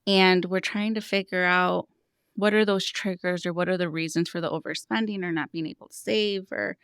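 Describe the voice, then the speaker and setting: A woman's voice: lowish voice, steady tone, normal speed, fairly bright tone, clear, resonant tone, no echo, clean studio sound. A woman in her thirties, a money coach, talking earnestly on a podcast and explaining with stories about her clients. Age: 30s. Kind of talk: podcast conversation, storytelling.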